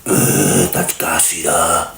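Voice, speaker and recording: A man with a Scouse accent hosts a podcast, delivering a crude, joking, mock-aggressive rant in the style of a casual livestream. His low, gravelly voice stays level and slow. There's heavy background noise and a roomy echo.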